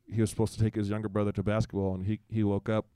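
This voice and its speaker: A man's voice: fairly low pitch, little pitch movement, rapid-fire, warm tone, clear, resonant tone, no room sound, studio quality. A man in his forties, a guest in a casual conversation, telling a personal story and acting out quoted dialogue in livelier voices, with frequent restarts.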